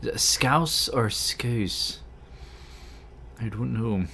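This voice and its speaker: A man's voice: on the low side, fairly even intonation, very fast, creaky, a bit bright, slight background noise. A man chatting casually on a gaming livestream, rambling and easily distracted. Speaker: streamer.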